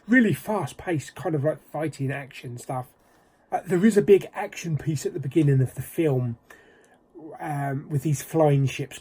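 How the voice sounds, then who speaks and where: Brief: British guy, casual film vlog, slightly high, husky voice. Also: mellow. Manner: rambling, with many ums and likes. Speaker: film reviewer.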